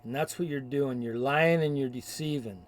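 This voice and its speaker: A man's voice: mid-range voice, moderate pace. A man delivering a combative, insulting rant in a video rebuttal. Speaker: video commentator. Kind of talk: ranting rebuttal.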